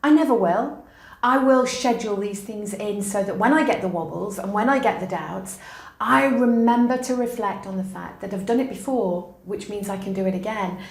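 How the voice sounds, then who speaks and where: A woman's voice: mid-range voice, normal speed, vocal fry. Emphatic woman in an echoey room. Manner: warm, emphatic and encouraging. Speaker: university educator. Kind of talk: interview answers with anecdotes.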